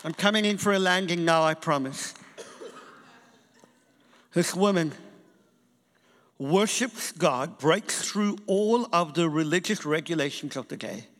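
A man with a high voice preaches a sermon, telling a story and acting out the people in it. His voice rings out with a long reverb from a large church hall. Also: measured pace, pauses often. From England and South Africa. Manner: animated storytelling preacher, acts out quotes.

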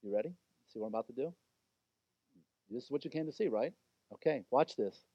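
Confrontational male teacher, low and hushed, acted by a man in a sermon, dry dull sound. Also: a little fast, no echo, close to an everyday voice. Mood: taunting. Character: blunt, confrontational male teacher challenging critics.

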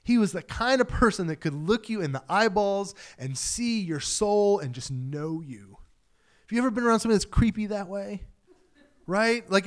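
Conversational male pastor preaching. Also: high-pitched. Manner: conversational, animated, acts out quoted voices. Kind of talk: sermon.

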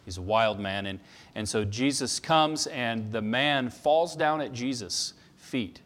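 A man preaching a sermon in a mid-pitched voice, mixing relaxed storytelling with emphatic stress on key phrases. His words ring out with a long echo, as in a large hall. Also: slow pace. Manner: conversational storytelling with emphatic passages.

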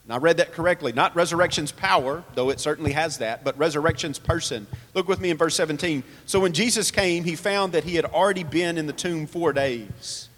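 A man's voice: on the high side, brisk, few pauses, a bit bright, big-room sound. A man preaching a sermon, earnest, asking rhetorical questions and reading scripture aloud. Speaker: pastor.

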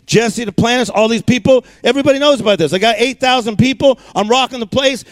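A middle-aged man preaching an energetic sermon, telling stories with punchy asides, calling on the crowd to answer and repeating words in a driving rhythm. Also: very high voice, quick pace, hardly any pauses, no echo. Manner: emphatic, rhythmic repetition of words; storytelling with punchy asides and call-and-response.

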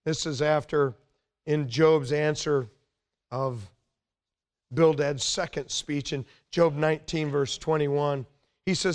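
Emphatic male preacher, fairly high voice. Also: steady tone, slow. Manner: conversational, emphatic, rises in pitch when stirred. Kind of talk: sermon.

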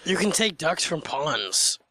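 A man's voice: fairly high pitch, big pitch swings, measured pace, creaky, pushed and bright, dry recording. A man guesting on a casual podcast, teasing and blunt, swearing freely. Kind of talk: casual drunken chat.

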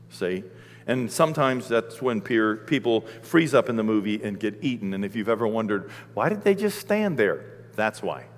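A man preaching a sermon, telling stories with lively energy and shouting out the lines he acts out. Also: medium pitch. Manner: animated storytelling, shouting acted-out quotes. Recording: long hall reverb.

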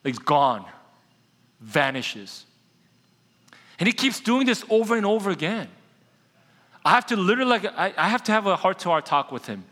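A male pastor preaches a sermon in a high, ringing voice, telling stories in a lively way and slowing down to press his key points. The church sanctuary gives his voice a long reverb.

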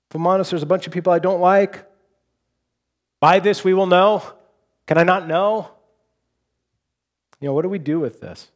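Conversational pastor, a man with a fairly high voice. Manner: conversational, with frequent restarts and repeated words; shifts between loud emphasis and hushed softness. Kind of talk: sermon.

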